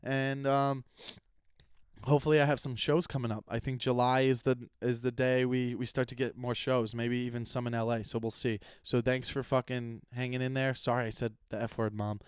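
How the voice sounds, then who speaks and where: Venting about his listeners with plenty of swearing, a young podcast host chats casually and rambles on his own. He speaks at a normal speed in a level, mid-range voice that's clear and resonant, recorded on a close podcast microphone with clean studio sound and no room sound.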